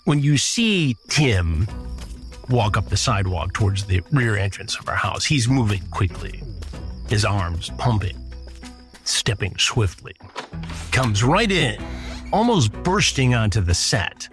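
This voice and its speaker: A man's voice: lowish voice, sing-song, a little slow, a bit bright, soft background music. A man hosting and narrating a true-crime story, with dry, sarcastic asides. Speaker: podcast host narrating a past sting.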